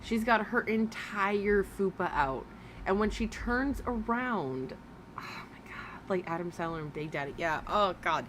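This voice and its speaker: A woman's voice: mid-range voice, lively intonation, a little slow, fairly bright tone, slight background noise. A woman giving blunt, mocking reaction commentary, swearing freely as she talks over a clip. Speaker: commentary host.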